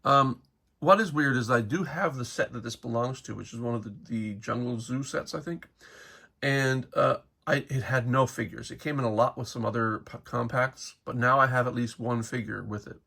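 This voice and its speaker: A man chats about his toy collection in a loose, meandering way, full of fillers and restarts. His voice is gravelly and a little husky. The pitch sits at an ordinary middle height for a man. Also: moderate pace, pushed and bright. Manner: rambling, with many fillers and self-corrections. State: hiccuping. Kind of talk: casual unscripted show-and-tell.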